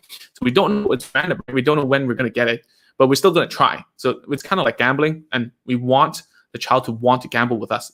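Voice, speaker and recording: A man's voice: mid-range voice, fairly bright tone. Chatty man giving casual advice. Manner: chatty, uses many fillers like "like" and "right?". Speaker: speech therapist host answering viewer questions.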